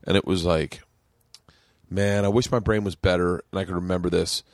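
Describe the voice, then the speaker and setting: A man hosting a podcast, telling stories with lots of swearing and climbing up high and loud whenever he quotes himself. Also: moderate pace, no room sound, studio quality. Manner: animated storytelling, rising loud and high in quoted outbursts, swears a lot. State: tipsy. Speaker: podcast host. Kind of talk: casual podcast chat.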